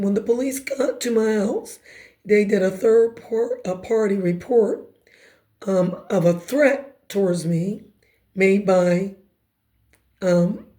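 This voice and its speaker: A woman with a raspy voice telling her personal testimony in an emphatic, conversational way with quick asides. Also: medium pitch, mellow. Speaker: speaker giving personal testimony.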